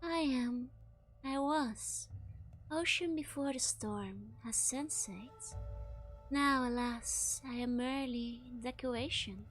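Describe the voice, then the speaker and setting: A woman's voice: high voice, fairly bright tone, soft background music. A woman whispering as a sultry bored skull, whispered role-play. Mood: languid. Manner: slow, languorous whisper.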